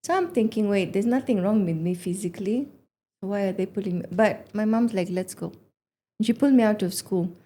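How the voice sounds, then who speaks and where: A woman in her forties, a podcast guest in casual chat, telling animated stories and acting out quotes. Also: medium pitch, fairly quick. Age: 40s. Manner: animated storyteller, acts out quotes.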